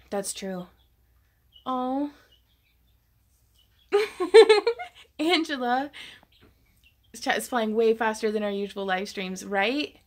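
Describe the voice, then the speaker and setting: Giggly woman livestreaming. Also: fairly high pitch. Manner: giggly, chatty, reads viewer comments aloud. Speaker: craft livestream host. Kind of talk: casual livestream chat.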